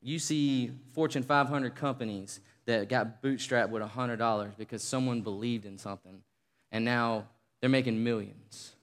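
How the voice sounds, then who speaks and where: Guy preaching a sermon, animated storytelling, big echoey hall, mid voice. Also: medium pitch, moderate pace. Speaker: pastor.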